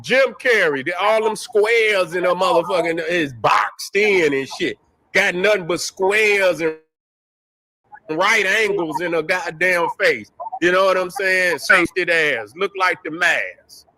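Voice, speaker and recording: His voice sits high and sharp, and he speaks slowly over poor audio. The man is a podcast host delivering a casual rant packed with profanity, joking and trash talk, chuckling at his own gags.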